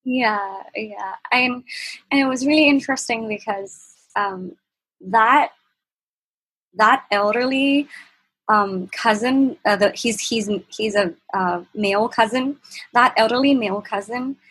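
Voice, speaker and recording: A woman's voice: medium pitch, a bit bright, breathy edge, rough recording. A young woman from Thailand with a Thai accent, a podcast guest telling a personal story in an earnest, reflective way as she searches for her words. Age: young adult.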